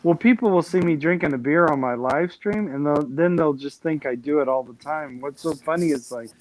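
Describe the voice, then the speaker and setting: A man's voice: a little high, a little fast, rough recording. A man hosting a live stream, rambling and joking in casual chat. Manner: chatty, rambling, laughs at himself.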